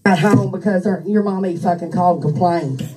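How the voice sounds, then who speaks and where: A woman's voice: lowish voice, brisk, recorded from a distance, background noise. A woman on her couch reading out a troll's texts and mocking him in a crude, profane rant, laughing often. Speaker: streamer ranting at an online troll. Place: on a couch at home. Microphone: handheld microphone.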